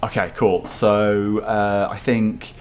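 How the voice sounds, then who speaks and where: Man, very deep voice, eager player, casual chatty game talk. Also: little pitch movement, slow pace. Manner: eager, chatty, hesitant with fillers. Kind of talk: casual tabletop game play.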